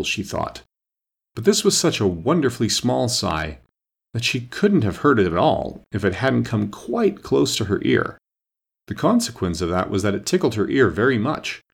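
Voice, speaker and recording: A man narrating a children's storybook aloud with an expressive, lively delivery. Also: fairly low pitch, moderate pace, gravelly, breathy edge. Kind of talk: storybook reading.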